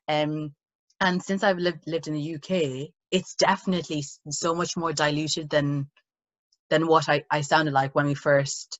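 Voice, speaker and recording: Lively young Irish woman, low-ish voice. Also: dry recording, muffled recording. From Nigeria. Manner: animated, quick storytelling with frequent fillers. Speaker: podcast co-host. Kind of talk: casual chat.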